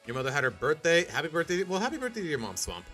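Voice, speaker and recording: A man's voice: fairly high pitch, very fast, soft background music. Jokey young male game streamer. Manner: animated, jokey, slips into silly accents. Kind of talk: casual live-stream chat.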